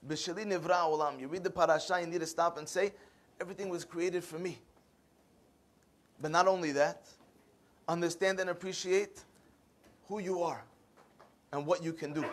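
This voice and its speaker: A man giving a sermon as a rabbi in a synagogue, telling a story and acting out the dialogue. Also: sits high.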